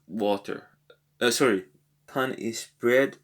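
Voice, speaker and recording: A man talking through a language exercise, thinking aloud in a hesitant way and slowly sounding out foreign words. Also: on the low side. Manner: hesitant, thinking aloud with many pauses and repeats. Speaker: language lesson vlogger working through exercises. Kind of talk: casual think-aloud tutorial.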